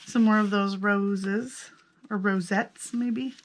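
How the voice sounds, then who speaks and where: A woman talks through her handmade journals page by page in a casual, chatty way, amused at herself and thinking aloud. Her voice sits at an ordinary middle pitch. A faint hiss runs under the recording. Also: steady tone, slow pace. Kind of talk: casual craft flip-through narration.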